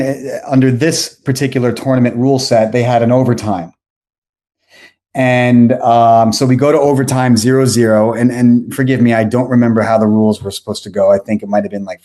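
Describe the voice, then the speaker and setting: A man in his forties, a podcast guest, telling a long rambling story and often correcting himself. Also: mid-range voice. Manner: rambling, self-correcting, animated anecdotes. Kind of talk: casual storytelling.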